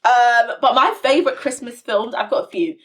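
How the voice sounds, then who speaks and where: A woman's voice: on the high side, moderate pace. A young woman, co-hosting a casual chat and telling stories animatedly. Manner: animated storytelling, quoting others in lively voices. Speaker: podcast co-host.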